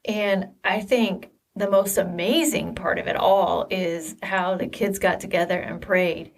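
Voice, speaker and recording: A woman co-hosting a podcast, retelling a family story in casual chat, quick and lively with quoted dialogue. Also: medium pitch. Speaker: podcast co-host.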